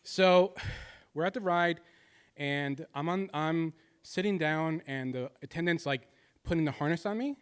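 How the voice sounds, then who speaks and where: Slightly high-voiced storytelling man. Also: a little slow, smooth. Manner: confessional, shifts from jokes to somber. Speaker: stand-up comedian. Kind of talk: stand-up storytelling.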